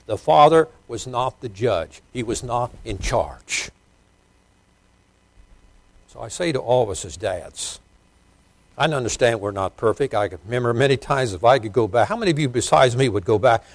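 A middle-aged man preaching a sermon as pastor, swinging between loud emphasis and quiet asides. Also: mid-range voice, animated, normal speed.

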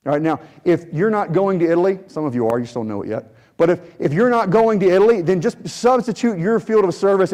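A man preaching a sermon as a missionary pastor, earnest and repetitive, with prayerful pauses. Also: high-pitched, mellow. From United States.

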